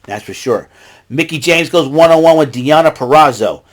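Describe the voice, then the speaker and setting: A man's voice: a little high, lively intonation, normal speed. A man hosting a casual show, recapping events in a rambling way and jumping into raised voices when he quotes people. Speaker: podcast host recapping wrestling.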